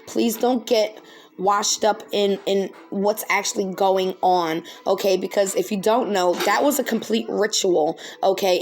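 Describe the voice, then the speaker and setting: Woman, spiritual reader, earnest, reassuring, medium pitch, repeated "okay?". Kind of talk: delivering a spirit message to someone.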